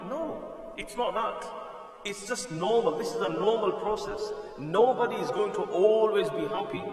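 A man's voice: sits high, animated, normal speed. A man preaching an Islamic lecture, explaining in English and quoting classical Arabic text at speed, with an emphatic, repetitive cadence. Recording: echoey hall, voice from far off, faint music.

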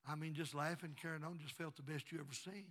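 A pastor in his sixties delivers a storytelling sermon in a somewhat high, ringing voice. He drops to a low, confiding tone for his stories, then bursts into loud, shouted praise. His voice stays bright and forceful throughout. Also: fairly even intonation, quick pace. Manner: storytelling preacher, swings from quiet narration to shouted praise. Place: church sanctuary.

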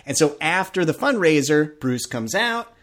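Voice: medium pitch, moderate pace. A podcast host chatting casually, swearing freely and telling stories with energy. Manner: loose, swears casually, animated storytelling. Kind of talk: casual chat.

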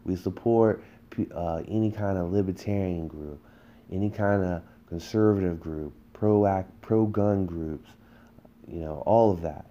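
Low-voiced man ranting on a podcast. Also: measured pace, mellow, dull audio. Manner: heated, emphatic ranting with rhetorical questions. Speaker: podcast host. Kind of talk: political podcast monologue.

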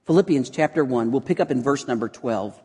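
A middle-aged man preaching a sermon as pastor, telling stories with lively animation and dropping to a hushed voice for prayer. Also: a little fast, slightly rough. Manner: animated storytelling, voice drops low and quiet for prayer. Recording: long reverb in a large hall.

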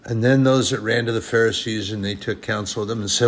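A man preaching a sermon with emphatic delivery, swinging between hushed and raised passages. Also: fairly low pitch, fairly even intonation, fast talker.

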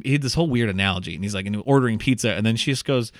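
A man co-hosting a podcast, animated and rambling in a casual movie review chat. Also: lowish voice, very fast, no room sound, studio quality. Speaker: podcast co-host.

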